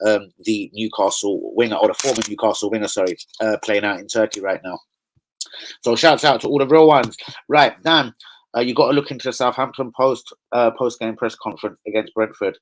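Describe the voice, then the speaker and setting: A man chatting excitably as a football fan vlogger, full of slang and swearing. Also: fairly low pitch, a little fast, rough recording. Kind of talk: casual fan chat.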